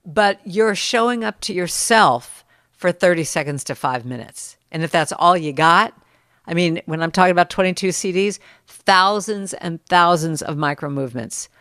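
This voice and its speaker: A middle-aged woman telling stories as a guest in a casual podcast conversation, lively when she quotes others. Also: fairly low pitch, normal speed, dry recording, studio quality. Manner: storytelling, animated when quoting others.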